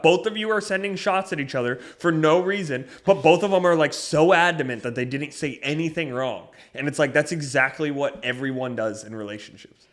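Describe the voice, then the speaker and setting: A young man co-hosting a podcast, rambling through a story with lots of swearing and getting loud when riled up. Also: on the high side, a little fast. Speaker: podcast co-host. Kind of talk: casual chat.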